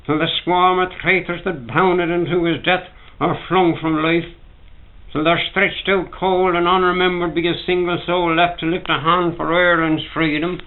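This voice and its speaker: A man's voice: high-pitched, pitched above the performer's own voice. An old man doing a furious Irish hurler. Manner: furious, declaiming. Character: angry young male hurler, fierce patriot. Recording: tinny 1950s home recording.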